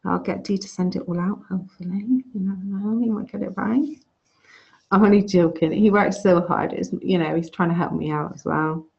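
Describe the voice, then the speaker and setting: A woman's voice: medium pitch, fairly even intonation, moderate pace, creaky, a little mellow. A woman teaching an online course over a video call, chatty and frank, often restarting her phrases. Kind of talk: casual online lecture. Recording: dull lo-fi video call audio.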